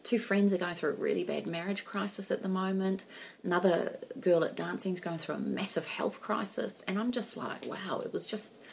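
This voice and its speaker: A woman's voice: on the low side, normal speed, vocal fry, slight background noise. A middle-aged woman, co-hosting a casual chat and telling a story animatedly, acting out quotes and laughing often. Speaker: podcast co-host. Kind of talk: casual chat among friends.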